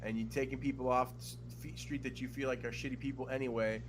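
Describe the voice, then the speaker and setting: A man's voice: mid-range voice, little pitch movement, fast, a little hiss or hum. A man co-hosting a podcast, chatting loosely, swearing freely and acting out the people in his stories. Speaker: podcast co-host. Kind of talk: casual chat.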